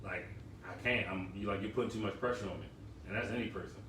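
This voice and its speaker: Fast-talking low-voiced man, echoey. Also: a bit bright. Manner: quick interjections and opinions. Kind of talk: casual live-stream chat. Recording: echoey room, distant mic, faint noise.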